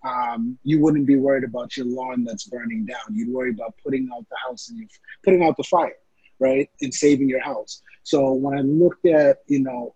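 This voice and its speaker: Gravelly, husky man talking fitness business. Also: medium pitch, warm tone, no echo, lo-fi sound. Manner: earnest, many fillers like um and you know. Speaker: fitness trainer and guest. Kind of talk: conversational interview answers.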